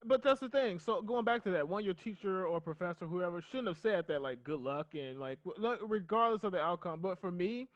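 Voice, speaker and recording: A man's voice: sits high, fairly quick, hardly any pauses, no room sound, dull audio. A man, a guidance counselor, giving earnest advice in a casual podcast conversation. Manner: earnest, advising tone.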